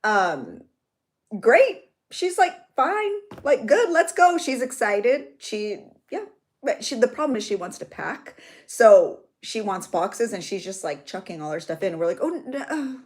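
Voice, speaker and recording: A bubbly woman in her thirties chats through a live stream for her journaling channel. She greets viewers by name and laughs often. Her voice swings widely in pitch as she talks. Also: animated, a little slow.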